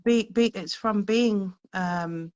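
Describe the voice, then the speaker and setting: A woman's voice: mid-range voice, takes it slowly, a little mellow. Effusive woman hosting a chat. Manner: effusive, motivational, many fillers. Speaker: host. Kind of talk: casual chat. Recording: slightly dull lo-fi audio.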